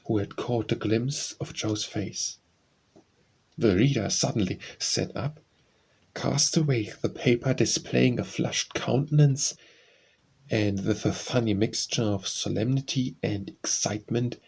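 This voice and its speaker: A man narrating a classic novel as an audiobook in a measured, even-toned way. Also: mid-range voice, creaky, slightly rough, rough recording.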